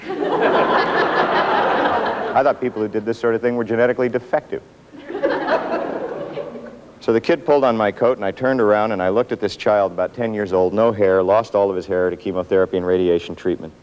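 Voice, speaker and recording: A man giving a motivational workshop talk to an audience in a room, telling stories with self-mocking humor and dramatic pauses. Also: fairly low pitch, steady tone, a little mellow, highs cut off, a little hiss or hum. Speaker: motivational speaker.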